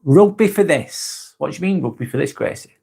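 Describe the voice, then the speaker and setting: Man, livestream host, casual chat, slightly raised pitch, laid-back, swears freely, reads comments aloud. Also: lively intonation, fairly quick, gravelly, mellow, slightly rough.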